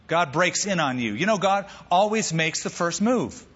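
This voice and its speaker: Bright-voiced preaching man, echoey hall. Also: high voice, moderate pace, breathy edge, muffled recording. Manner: animated preaching, acts out quoted voices. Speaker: pastor. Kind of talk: sermon.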